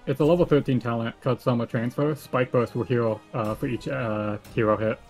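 A man's voice: mid-range voice, steady tone, fairly quick, darkish tone, soft background music. A man patiently explaining game details to friends in a casual chat while playing. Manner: helpful, explaining game tips.

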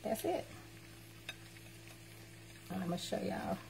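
A woman's voice: medium pitch, wildly swooping pitch, slow pace, creaky, a little mellow, slight background noise. Woman, home cooking host, teasing and chatty, live stream, dishes and cutlery clattering behind. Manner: chatty, teasing, talks to viewers as y'all. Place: home kitchen.

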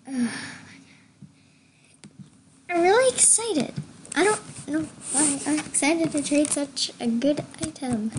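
A young woman chatting excitedly through casual gameplay commentary, gushing and chatty. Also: high-pitched, slow pace, long pauses, noisy background. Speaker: gamer.

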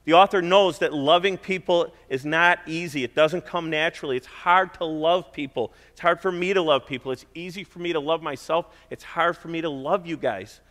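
A man's voice: on the high side, normal speed, few pauses, fairly bright tone, long reverb tail. A middle-aged man preaching a sermon in a conversational way, stressing points by repeating them. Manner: conversational preaching with emphatic repetition. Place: church.

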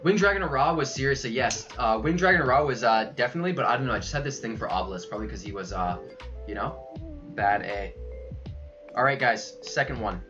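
A young man livestreaming a card unboxing, excitable and loud, saying yo over and over and laughing as he goes. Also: mid-range voice, brisk, dull audio, music in the background. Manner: hyped, keeps saying yo, yells and laughs. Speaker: streamer unboxing trading cards. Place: his room at home.

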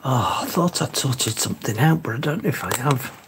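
A woman's voice: very deep voice, lively intonation, brisk, background noise. A woman hosting a casual craft tutorial livestream, chatting as she works and greeting viewers in the live chat by name.

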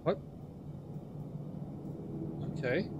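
A man's voice: extremely slow, music in the background. A man commentating on his own horror game play, jumpy and swearing, talking back to the characters on screen. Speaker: gaming streamer.

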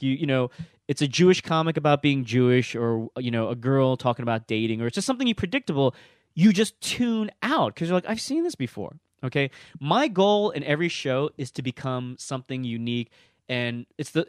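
A man's voice: fairly high pitch, no echo. Comedian man offering advice, emphatic, punctuates points with "okay?"; dry, close recording. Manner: emphatic, repeats "okay?" to drive points home. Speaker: stand-up comedian giving advice. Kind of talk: casual direct-to-camera advice talk.

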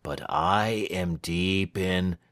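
A man voicing a moody young gentleman, deep in debt and in love, who speaks quietly and impatiently. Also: drawn-out words, exaggerated voice.

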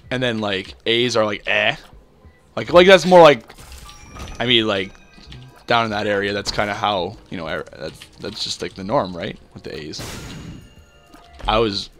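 A man's voice: fairly low pitch, a bit bright. Young man from canada, casual game commentary, rambling, self-deprecating, faint game music behind. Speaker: gameplay commentator. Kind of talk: casual let's-play commentary.

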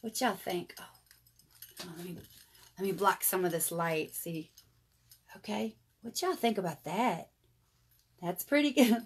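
A woman's voice: medium pitch, lively intonation, a little slow, pauses often, husky. A woman, hosting a casual live jewelry sale and chatting to viewers. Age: 30s. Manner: chatty, addresses viewers as y'all. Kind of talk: casual live sales chat.

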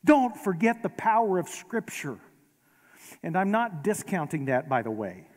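A man preaching a sermon as pastor, conversational and gently humorous, in a large church sanctuary. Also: high-pitched, sing-song, a little slow. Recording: long reverb of a large hall.

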